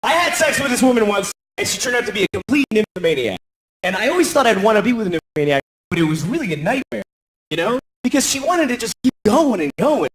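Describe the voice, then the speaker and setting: A man's voice: very animated, fast talker, fairly bright tone. An American man doing a crude, self-deprecating stand-up comedy routine, acting out voices. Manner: crude, self-deprecating, acts out voices with big pitch swings.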